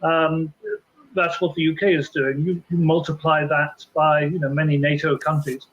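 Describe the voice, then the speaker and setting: A man answering questions in a news interview, slow and hesitant, with many pauses and ums. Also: a little high, flat delivery, fairly bright tone. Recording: dull lo-fi broadcast clip.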